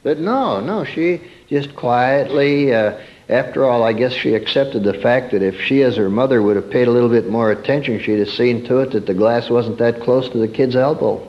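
A man preaching a sermon in a storytelling way, swinging from emphatic peaks to soft, quiet asides. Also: mid-range voice, normal speed, highs cut off.

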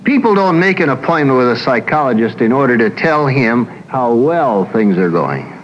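A man's voice: mid-range voice, sing-song, moderate pace, highs cut off, a little hiss or hum. A man who works as a psychologist, giving a folksy lecture full of anecdotes and acting out the people he describes.

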